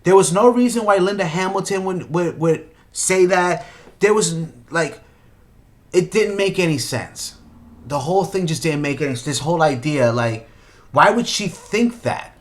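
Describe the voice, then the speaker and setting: A man's voice: high voice, lively intonation, a little slow. A young man ranting about a movie in an exasperated, opinionated way, firing off rhetorical questions. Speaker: movie commentator.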